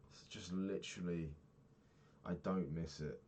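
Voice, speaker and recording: A man's voice: sits low, steady tone, measured pace, darkish tone, a little hiss or hum. A young man in his twenties talking frankly in a rambling daily vlog, swearing casually and filling gaps with ums. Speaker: vlogger.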